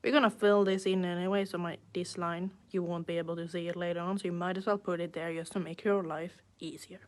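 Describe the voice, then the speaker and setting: A woman's voice: lowish voice, level tone, fast. A woman nail artist giving a live online class, chatting casually as she works and thinking aloud with playful little sound effects.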